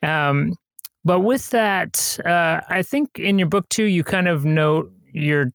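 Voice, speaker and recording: Podcast host guy, a bit higher voice, lots of fry, long winding questions. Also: takes it slowly, fairly bright tone, dry recording, studio quality. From rural Indiana, USA. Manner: rambling questions, chuckles. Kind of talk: podcast interview.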